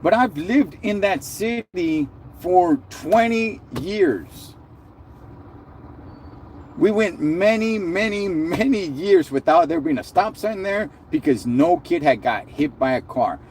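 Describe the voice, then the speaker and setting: A man's voice: high voice, lively intonation, takes it slowly, a little mellow, slight background noise. A man hosting a live stream, ranting in a heated, sarcastic way with slang and lots of repeated words.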